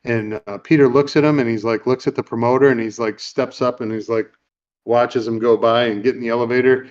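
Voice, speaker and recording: A man's voice: medium pitch, fairly even intonation, brisk, darkish tone. A man hosting a podcast, retelling a film scene in casual chat, rambling with plenty of fillers. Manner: rambling, with many fillers and acted-out quotes. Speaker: podcast host. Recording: dull lo-fi recording.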